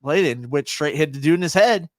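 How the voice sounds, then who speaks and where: A man's voice: fairly high pitch, animated, quick pace, dry recording, clean studio sound. A man co-hosting a casual podcast, hesitant and agreeable, often restarting his sentences. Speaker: podcast co-host. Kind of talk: casual chat.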